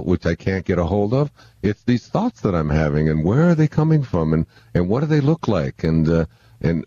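Speaking into a handheld mic, this man, a guest speaker on spiritual living, stumbles through reflective explanations of spiritual ideas, restarting and repeating words often. His low voice sounds mellow, with no echo and the high frequencies cut off.

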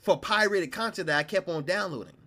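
A young man with a Southern US accent, host of a podcast, telling a story in casual, animated, slang-heavy chat. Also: high voice, a little fast, a crowd in the background. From South Carolina, US.

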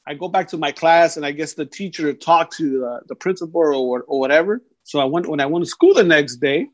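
Slangy young man telling a story, lo-fi. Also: on the high side. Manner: slangy, animated, says "bro" a lot. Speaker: podcast guest. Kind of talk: casual storytelling. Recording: dull lo-fi sound.

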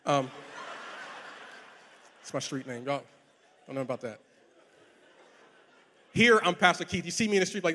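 A middle-aged man preaching a sermon, playful and animated as he tells personal stories and talks straight to the congregation. His voice sits high for a man. The sound rings with the long reverb of a large church hall. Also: moderate pace, long pauses. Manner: animated, playful, talks to the crowd, repeats words. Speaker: pastor.

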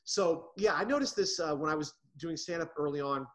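Animated middle-aged man telling comedy stories. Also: a little high, a little fast. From United States. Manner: animated storyteller, restarts often. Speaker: guest, comedy writer. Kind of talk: casual interview.

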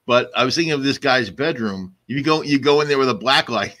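A man co-hosting a casual comedy podcast, cracking crude jokes in a lively way. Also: mid-range voice, fairly quick. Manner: crude wisecracks, lively delivery. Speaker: podcast co-host.

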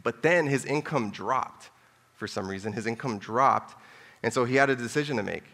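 A man preaches a sermon in a loose, chatty style, full of asides and repeated phrases. His voice is bright and forceful. It carries a long reverb from a church hall. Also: mid-range voice, normal speed. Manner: conversational, joking asides, repeats for emphasis.

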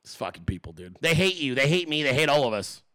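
This time the host has a mid-range, slightly bright voice with big pitch swings, talking fast. Running a political commentary livestream, he rants with profane sarcasm and keeps hurling mocking rhetorical questions at the audience.

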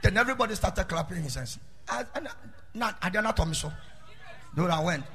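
A middle-aged man preaching a sermon and telling his own story, half-singing his phrases and breaking into shouts. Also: high-pitched, animated, fairly quick. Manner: fervent, half-sung cadences, bursts into shouting. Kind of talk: sermon with personal testimony.

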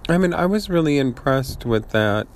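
A man's voice: expressive, normal speed. Man ranting with curses. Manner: angry, swearing constantly, jumping between ideas; voice repeatedly jumps higher and louder mid-rant. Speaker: voice message sender. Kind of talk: profane rambling rant.

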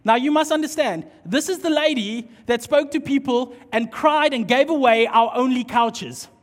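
High-voiced pastor preaching. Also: male voice, normal speed. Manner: animated storytelling, acting out dialogue. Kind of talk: sermon with storytelling. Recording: long hall reverb.

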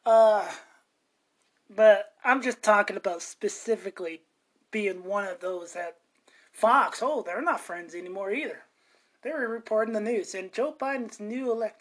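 A woman's voice: medium pitch, unhurried. Woman ranting casually on a podcast. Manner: chatty, meandering, self-interrupting. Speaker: podcast host.

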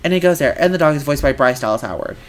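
A woman co-hosting a podcast in casual chat, blunt and profane, breaking into loud laughing shouts. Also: deep voice, lively intonation, racing. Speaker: podcast co-host.

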